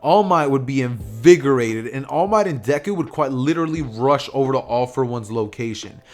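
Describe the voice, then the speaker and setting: A man's voice: medium pitch, expressive, normal speed. A young man casually narrating an anime what-if story, rambling with lots of fillers and restarts. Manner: rambling, filler-heavy retelling.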